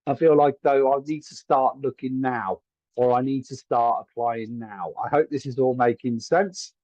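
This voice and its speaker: A man's voice: medium pitch, fairly even intonation, normal speed, darkish tone, dry recording, lo-fi sound. A man giving live psychic readings to viewers from a room at home, chatty and hedging, often checking whether his words make sense. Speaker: psychic medium.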